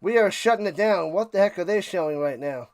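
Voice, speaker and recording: A man hosting a sports live stream, chatting excitedly and a bit out of breath as he signs off to his viewers. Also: sits high, brisk. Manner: excited, rambling, talks to chat viewers. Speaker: sports livestream host. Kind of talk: casual live-stream sign-off chat.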